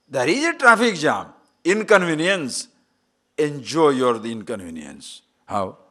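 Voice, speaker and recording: A man's voice: fairly high pitch, sing-song, moderate pace, sharp tone. A man giving a spiritual discourse as a swami, asking rhetorical questions and acting out quoted voices. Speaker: swami teaching scripture.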